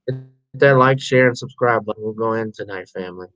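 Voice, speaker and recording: A man's voice: lowish voice, a little fast, a bit bright, low-quality recording. A tired man hosting a casual live stream, talking in a rambling, informal way that trails off and restarts. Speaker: livestream host.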